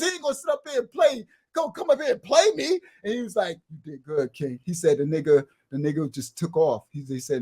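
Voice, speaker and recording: A middle-aged man telling a street story in an animated way, acting out other people's voices and swinging from loud outbursts to low murmurs. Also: brisk, breathy edge. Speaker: guest telling his life story.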